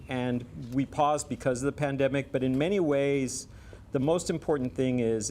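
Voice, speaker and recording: A man hosting a community event and giving a speech, halting and often correcting himself. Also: mid-range voice, darkish tone, a little hiss or hum. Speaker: event host.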